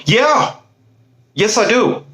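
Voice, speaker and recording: A man's voice: high voice, sing-song, drawn-out words, sharp tone, reverberant, a little hiss or hum, rough recording. A man delivering a blunt, fiery political monologue, impassioned and swearing freely. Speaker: political commentator.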